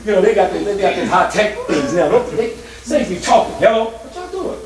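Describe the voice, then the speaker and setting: A man preaching a guest sermon, animated and playful, breaking into song, shouts and laughter. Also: high-pitched, brisk, heavy background noise. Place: church sanctuary. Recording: echoey church hall, mic at a distance, congregation. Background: congregation responding.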